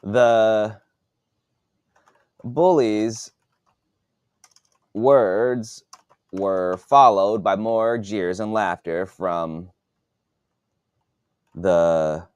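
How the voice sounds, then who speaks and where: Slow, halting male author reading his draft. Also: fairly low pitch, clean tone, no echo. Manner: halting, repeats words while composing. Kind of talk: dictating a novel draft aloud.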